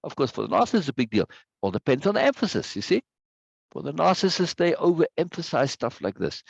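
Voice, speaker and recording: A man's voice: on the high side, big pitch swings, quick pace, gravelly, husky, no room sound, dull audio. A man teaching a live online course, talking conversationally, repeating words for emphasis and often checking in with "right?". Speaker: course instructor. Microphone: video call microphone.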